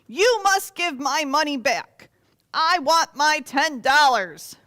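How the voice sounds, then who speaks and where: A woman's voice: extremely high pitch, sing-song, takes it slowly, no echo, clean studio sound, pitched above the performer's own voice, full character voice. A woman doing a harsh, demanding debtor. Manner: loud, blunt and demanding.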